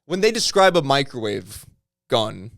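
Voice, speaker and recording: A man's voice: medium pitch, measured pace, creaky, dry recording, clean studio sound. A young man co-hosting a comedy podcast, rambling and swearing in casual banter. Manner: rambling, animated, swears freely. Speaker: podcast co-host.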